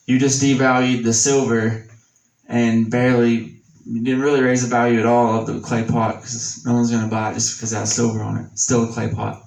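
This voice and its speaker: A man with a Southern American accent teaching a Sunday school class, reading scripture slowly and explaining it in a casual, folksy way. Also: mid-range voice, little pitch movement, vocal fry, a little mellow, recorded from a distance. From Tennessee. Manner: reads scripture slowly and deliberately. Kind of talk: Bible teaching. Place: church classroom. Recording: echoey church room.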